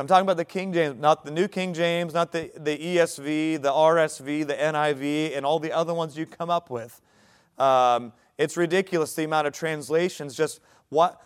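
A young adult male pastor preaching a sermon, talking conversationally and building to emphatic points. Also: on the high side.

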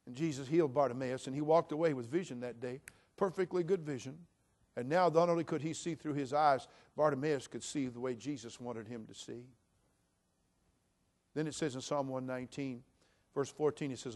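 A man preaching a sermon, dropping to a hush and then building to loud, fervent shouts. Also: mid-range voice, brisk. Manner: dynamic preaching, swinging from hushed to shouting. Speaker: pastor.

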